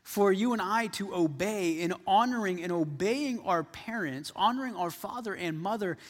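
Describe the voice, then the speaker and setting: A man's voice: high voice, moderate pace, in a large hall. A man preaching a sermon to a congregation in a conversational way, often repeating his words as he goes. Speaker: pastor.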